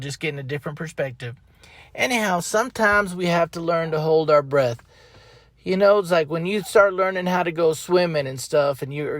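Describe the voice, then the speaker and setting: A man hosting his own podcast talks in a loose, folksy ramble, circling back and repeating his phrases. His voice sits a little higher than most men's. The sound is dry and close, with no room echo. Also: fairly bright tone. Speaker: podcast host. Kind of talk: casual motivational monologue. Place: outdoors up in a tree.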